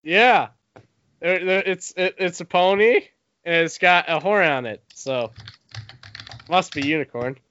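High, bright-voiced goofy man. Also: a little slow, long pauses. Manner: goofy, playfully naive. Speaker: co-host. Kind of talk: casual podcast banter. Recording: dry, dull lo-fi sound.

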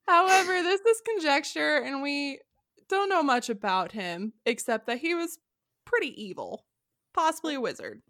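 A woman's voice: sits high, very animated, a little slow, long pauses, a bit bright, dry recording, clean studio sound. A woman casually retelling an old legend on a podcast, joking and laughing as she goes. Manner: laughing, jokey retelling with voiced asides. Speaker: podcast co-host. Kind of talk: casual storytelling chat.

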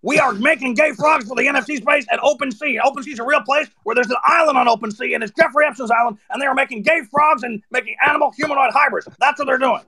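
A man doing a comic impression of a ranting male conspiracy radio host who shouts in a rambling, paranoid way. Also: very high-pitched, fast, hardly any pauses, slightly rough, pitched above the performer's own voice, exaggerated voice.

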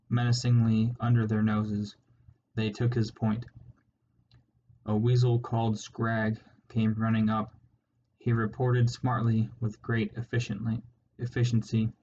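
A man narrating an audiobook in a measured, steady reading, in a slightly muffled recording with faint hiss. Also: lowish voice.

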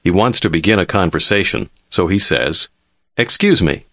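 A man narrating a language lesson in a calm, measured, clearly enunciated scripted delivery. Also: low-pitched, dry recording, clean studio sound.

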